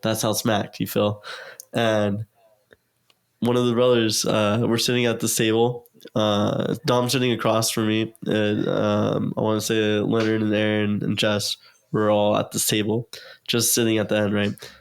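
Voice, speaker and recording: A man's voice: lowish voice, little pitch movement, unhurried, gravelly, clean tone. A young man in casual podcast talk, telling a long story full of fillers and acted-out quotes. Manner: rambling, filler-heavy, acts out quotes. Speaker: guest.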